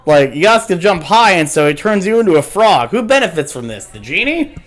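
A man's voice: sits high, faint music behind. A man co-hosting a podcast, animatedly retelling cartoon plots in casual chat. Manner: animated retelling, puts on quick voices. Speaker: podcast co-host.

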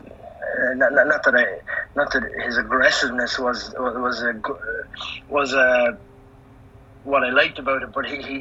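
A man co-hosting a sports podcast as the analyst, thinking aloud in halting bursts full of restarts. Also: mid-range voice, pushed and bright, lo-fi sound, slight background noise. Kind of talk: sports talk podcast chat.

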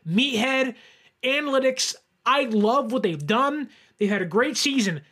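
A man hosting a sports reaction show, giving an animated fan's rant about a football game. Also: very high voice, a little slow. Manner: animated, fan ranting with rising shouts. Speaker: sports podcast host. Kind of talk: excited sports reaction monologue.

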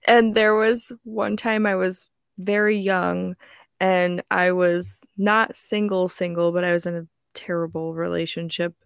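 A woman's voice: lowish voice, fairly even intonation, a little slow, creaky, smooth, no room sound, clean studio sound. A woman in her twenties on a podcast, telling a rambling story with lots of giggles. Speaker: podcast co-host. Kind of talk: casual storytelling chat.

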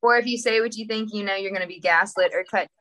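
A woman's voice: medium pitch, fast talker, a bit bright. A woman guest on a podcast, talking casually in a direct, candid and playful way.

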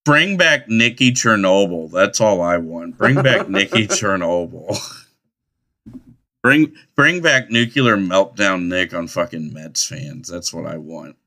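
A man's voice: deep voice, lively intonation, unhurried, few pauses, pushed and bright. A man hosting a podcast, chatting casually about baseball with profane, teasing, rambling talk. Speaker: podcast host. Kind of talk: crude casual chat.

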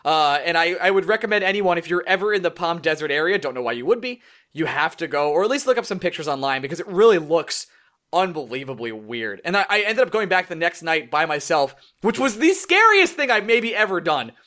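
Young male podcast co-host, high-pitched and swooping, animated casual storyteller. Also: fairly quick. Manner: animated storytelling with quoted voices. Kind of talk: casual chat.

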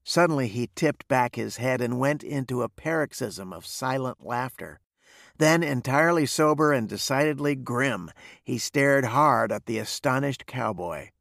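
A man narrating a western novel with a gravelly, lively-pitched voice. His delivery is steady and measured. The recording is close and dry. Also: no room sound. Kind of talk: reading a western novel aloud.

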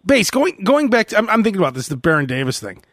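High-voiced man joking on a podcast. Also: fast talker, no room sound, clean studio sound. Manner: animated, joking, mimics others' voices. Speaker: podcast host. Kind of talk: casual comedy chat.

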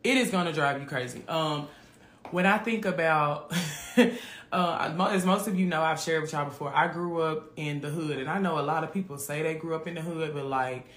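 A man hosts a live faith podcast in a loose, chatty way, often calling the audience "friend". His voice sits on the high side. The sound carries a noticeable room echo. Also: normal speed, a bit bright. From Memphis, USA. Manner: casual, keeps calling listeners "friend". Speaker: podcast host.

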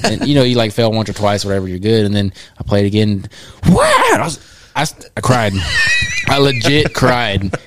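Laid-back low-voiced man in his twenties. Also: moderate pace, no echo. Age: 20s. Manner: laid-back, candid storytelling. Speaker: podcast co-host. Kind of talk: casual chat.

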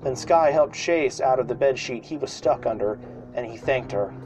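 A man's voice: medium pitch, moderate pace, poor audio. A man reading a homemade story aloud, stumbling and restarting now and then. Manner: reads with slips and restarts, shouting the screams. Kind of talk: amateur read-aloud storytelling.

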